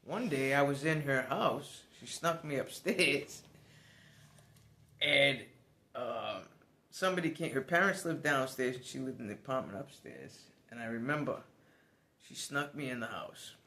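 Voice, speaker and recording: A man's voice: medium pitch, lively intonation, measured pace, pushed and bright. A man telling a personal story in a casual, rambling way, chuckling now and then. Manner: rambling, conversational, restarts, chuckles.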